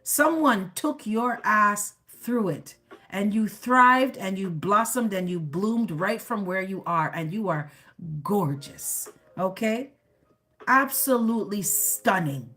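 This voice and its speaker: A woman's voice: medium pitch, animated, slow pace, bright, forceful tone, soft background music. A woman doing a live tarot reading, chatty and sassy, speaking straight to her viewers and laughing often at her own remarks. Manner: addresses viewers directly as the collective. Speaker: tarot reader.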